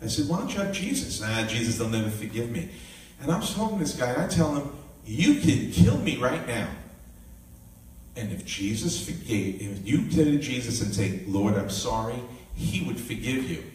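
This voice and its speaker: A male minister preaching a live sermon and telling a personal story with lively, animated delivery. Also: mid-range voice, normal speed. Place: live church gathering. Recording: echoey room, mic at a distance, faint noise.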